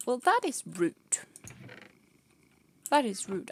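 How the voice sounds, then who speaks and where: A woman's voice: a little high, very animated, measured pace, pauses often, slight background noise. A young woman streaming a game, chatting casually and playfully, often laughing and scolding her pet cats. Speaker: vtuber streamer.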